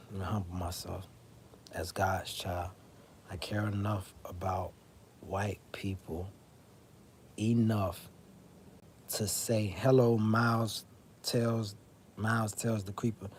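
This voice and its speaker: A man's voice: mid-range voice, mellow, slight background noise. A man from South Florida hosting a casual livestream, rambling, swearing, and answering viewers in chat. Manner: rambling, profane, talks straight to chat. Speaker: livestream host.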